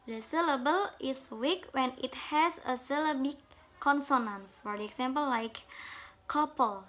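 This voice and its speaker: Reading a phonology presentation about syllables, a woman speaks slowly and deliberately from notes. Her voice is high, bright and forceful, and her English, a second language, shows non-native grammar.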